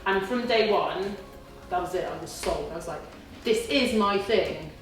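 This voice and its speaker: A woman's voice: medium pitch, normal speed, faint music behind. A woman in her forties telling a class the story of her kickboxing gradings, acting out her own inner voice and her family's lines. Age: 40s. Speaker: kickboxing student giving a talk. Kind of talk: speech to a class. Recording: distant and very echoey with faint ambience.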